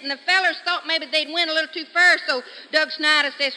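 Male comic storyteller, high and piercing tone, drawling country delivery, 1950s radio in a big echoing hall. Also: fairly even intonation, brisk, hardly any pauses, bright, forceful tone. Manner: drawling, homespun punchlines. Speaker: comedian. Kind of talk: folksy comic storytelling on stage.

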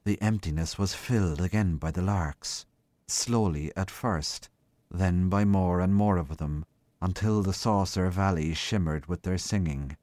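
Deep-voiced man reading a story. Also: darkish tone, dry recording. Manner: slow, measured storytelling. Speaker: reader. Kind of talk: literary reading.

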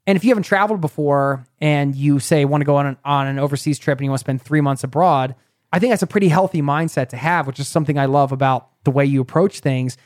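A man's voice: a little high, quick pace, dry recording, studio quality. A young man hosting an interview, chatty and probing with light jokes. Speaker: podcast host. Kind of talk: conversational interview.

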